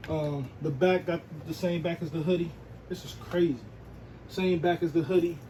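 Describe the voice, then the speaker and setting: A man casually showing off his clothing collection in a relaxed, slangy vlog. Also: fairly high pitch, normal speed, a little hiss or hum, rough recording. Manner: laid-back, slangy, peppered with "you know what I'm saying". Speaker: sneaker and streetwear vlogger. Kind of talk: casual show-and-tell.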